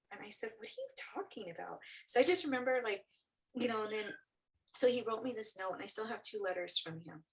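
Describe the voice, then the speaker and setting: A woman's voice: mid-range voice, low-quality recording. A middle-aged woman, an interview guest, telling a personal story with earnest feeling and acting out what others said.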